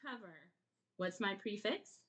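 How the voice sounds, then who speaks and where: A woman's voice: mid-range voice, lively intonation, normal speed, a bit bright. A woman teaching her child to read at home, patiently repeating words and asking short quiz questions. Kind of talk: home phonics lesson.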